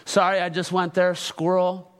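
A man's voice: sits high, monotone, moderate pace, clear, resonant tone. A middle-aged male pastor preaching a sermon with passion, calling out questions for the congregation to answer. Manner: call-and-response with the congregation.

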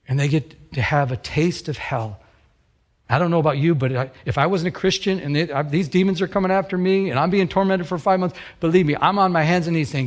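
A man preaching a sermon as a pastor, telling stories in an animated way and repeating phrases for emphasis. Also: medium pitch, fairly quick.

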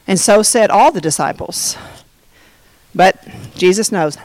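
A woman's voice: medium pitch, lively intonation, unhurried, darkish tone, no room sound, low-quality recording. A woman leading an informal Bible study, chatty and jokey, often breaking off mid-sentence. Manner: chatty, self-interrupting, jokey asides.

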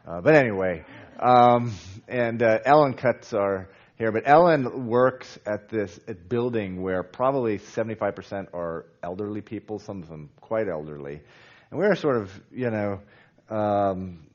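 A man's voice: on the low side, lively intonation, measured pace, dull audio. A man preaching a sermon in a conversational way, with many fillers and restarts, growing emphatic as he goes. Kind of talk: sermon on a Bible passage.

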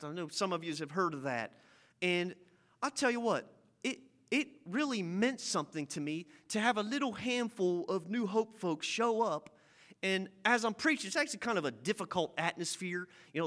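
A man delivering a sermon in a high, bright voice. He reads scripture, then retells it in loose, folksy everyday slang, talking to the congregation like old friends. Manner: folksy preaching, paraphrasing scripture in casual slang. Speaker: pastor.

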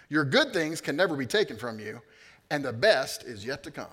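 A middle-aged man preaching a sermon in a conversational way, dropping to quiet asides and rising to loud peaks. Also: medium pitch, sing-song, a little fast, husky. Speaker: pastor. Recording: long hall reverb.

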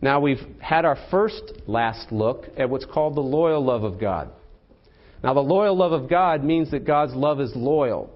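A man's voice: mid-range voice, lively intonation, measured pace. A man preaching a sermon in a conversational way, asking his congregation rhetorical questions and tagging lines with "okay?" and "right?". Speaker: pastor. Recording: slightly dull lo-fi sermon recording.

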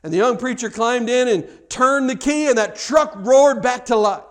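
A man's voice: very high voice, normal speed, a bit bright. A man preaching a sermon, telling a story with acted-out dialogue and frequent stammered repeats.

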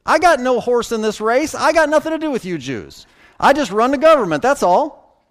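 A man's voice: very high voice, sing-song, normal speed, voice pushed up. A man voicing an exasperated Roman governor, firing off indignant questions.

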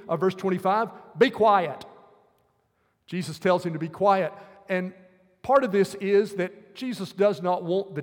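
Earnest high-voiced male preacher. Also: a little mellow, in a large hall. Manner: earnest, explaining scripture verse by verse. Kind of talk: sermon.

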